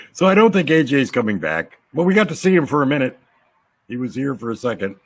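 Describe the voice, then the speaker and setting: A man's voice: mid-range voice, sing-song, normal speed, slightly rough, no room sound. A man hosting a casual chat show, joking and rambling with a guest over a call. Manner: joking, rambling, laughs often. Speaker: host.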